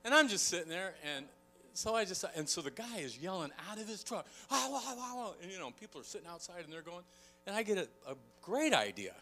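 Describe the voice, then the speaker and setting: A man preaching with a high, lively voice that swoops up and down as he acts out a story. His tone is very bright and cutting, and soft music plays underneath. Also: quick pace. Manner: animated storytelling, acting out shouts. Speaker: pastor. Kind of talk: sermon. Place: church.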